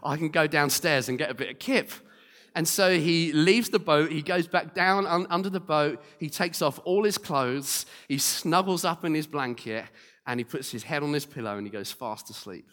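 A man preaches in a lively storytelling way, acting out the people in his stories. His voice sits a little high for a man. Long reverb from a large church hall hangs on his words. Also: moderate pace. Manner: lively storyteller, acting out quotes, direct to congregation. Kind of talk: storytelling sermon.

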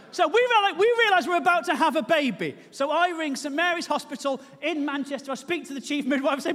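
High-voiced man doing stand-up. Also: animated, fast, few pauses, a bit bright, big-room sound. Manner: self-mocking, acts out panicked high-pitched voices. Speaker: stand-up comedian. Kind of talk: stand-up comedy storytelling. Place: comedy venue with live audience.

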